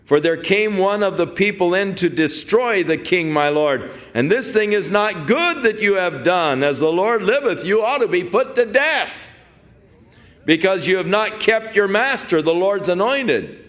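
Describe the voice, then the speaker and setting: A man's voice: high-pitched, sing-song, slow pace, fairly bright tone, voice pushed up, heavily acted. A man voicing a young man calling out across a distance, in a raised, pleading voice. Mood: rebuking.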